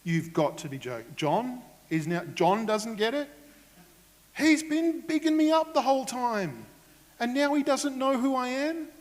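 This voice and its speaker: A man's voice: very animated, measured pace, exaggerated voice. A man, during a sermon, putting on the voice of an indignant, offended man who complains that a follower has lost faith in him. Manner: high-pitched, loud and exasperated. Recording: long hall reverb.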